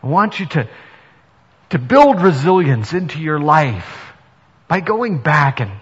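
A man's voice: fairly high pitch, big pitch swings, takes it slowly, husky. A male pastor giving an earnest sermon that rises to emphatic preaching in a church. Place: church sanctuary. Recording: dull sound with long reverb in a hall.

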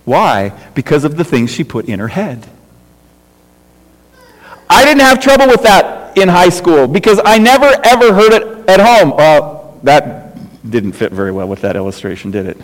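Middle-aged male pastor, high-pitched, conversational sermon, repetitive and questioning, echoing sanctuary. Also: very animated, normal speed. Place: church sanctuary. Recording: reverberant church hall.

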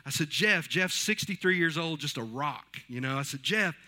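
A man's voice: a little high, lively intonation, normal speed, bright, forceful tone. A pastor in his fifties giving a conversational sermon in church, telling stories and acting out what others said. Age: 50s. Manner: conversational, storytelling with quoted voices. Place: church sanctuary.

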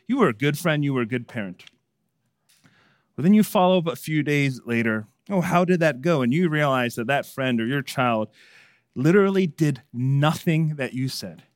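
A man preaching a sermon, swinging between hushed and emphatic delivery. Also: a little high, no room sound, studio quality. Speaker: pastor.

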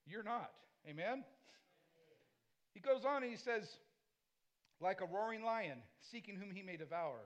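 A man preaches a sermon in a strikingly high voice for a man. He hammers his points through repetition and rhetorical questions. Between them he drops into loose, conversational asides. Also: lively intonation, a little slow, pauses often, dull audio. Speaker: pastor.

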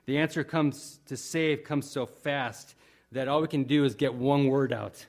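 A man preaching a sermon in a conversational, earnest way, often pausing with fillers and restarting his sentences. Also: medium pitch, a little mellow. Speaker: pastor.

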